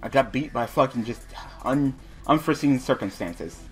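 A man's voice: medium pitch, lively intonation, moderate pace, soft background music. A young man commentating his online card game, reading cards under his breath and ranting with frequent swearing when the draws go against him. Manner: frustrated ranting, heavy swearing; muttering while reading cards. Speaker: card game video host.

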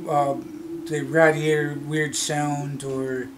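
A man from Canada, telling a childhood story in a vlog, in a halting, rambling way with many fillers and restarts. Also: fairly high pitch, flat delivery, heavy background noise. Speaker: vlogger. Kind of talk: casual storytelling. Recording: loud music behind the voice.

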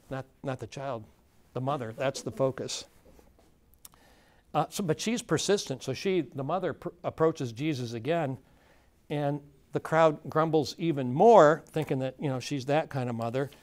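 A man's voice: mid-range voice, darkish tone. Man lecturing casually to a conference audience. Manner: informal, asks the audience questions, many fillers and restarts. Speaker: workshop facilitator. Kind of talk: conversational lecture to a live audience. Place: conference room.

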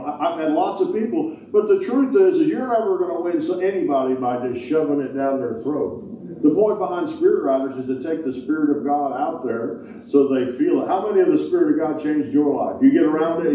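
A man's voice: on the high side, mellow, slight background noise. A man preaching a sermon as pastor, folksy and joking, with casual grammar. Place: large church sanctuary. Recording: echoey hall, distant mic.

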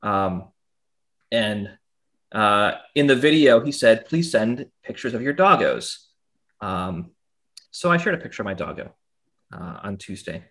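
A man co-hosting a casual podcast, rambling and self-deprecating, often trailing off into a quiet mumble. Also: on the low side, big pitch swings, measured pace, long pauses. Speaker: podcast co-host. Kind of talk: casual chat.

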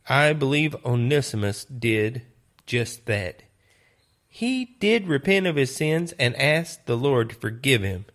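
A man teaching a Bible lesson, retelling stories in a deliberate, earnest way. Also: mid-range voice, very animated, a bit bright. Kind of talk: sermon storytelling.

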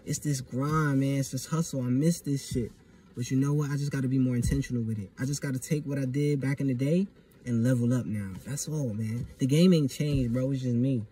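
A man's voice: mid-range voice, steady tone, fairly quick, mellow, recorded from a distance, a little hiss or hum. A young man talking in a casual vlog monologue, emphatic and profane, full of street slang. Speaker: vlogger.

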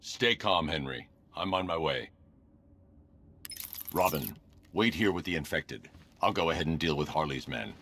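A man's voice: extremely low pitch, expressive, normal speed, pauses often, sharp tone, slight background noise, full character voice. A man voicing a stern masked male vigilante hero who speaks in terse commands, in a video game.

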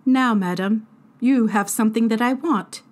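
A woman's voice: fairly high pitch, normal speed, natural voice. A woman voicing a cold, smug twelve-year-old boy mastermind with precise, condescending speech.

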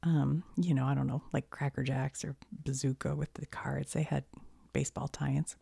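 A woman with a cold chatting in a soft-spoken ASMR style, half-whispering and rambling, laughing often, close to the mic. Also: rumbling low, little pitch movement, moderate pace, gravelly, husky, no echo. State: has a cold. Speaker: ASMR creator.

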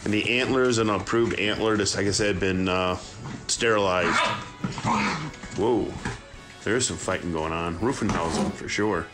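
A man who breeds dogs, chatting casually to viewers while filming his puppies at play and often cooing to them in a high voice. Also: normal speed, music in the background. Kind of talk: casual running commentary to viewers.

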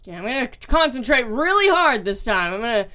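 A woman's voice: on the high side, very animated, fast talker, bright, forceful tone. Swearing woman playing a horror game. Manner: swears a lot, jumpy and exasperated. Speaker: gaming video creator. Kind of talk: let's play commentary.

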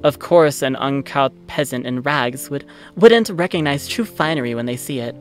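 A man's voice: mid-range voice, normal speed, faint music behind, natural voice. A man voicing a snooty rich woman in a puffy dress, talking down with haughty, condescending airs.

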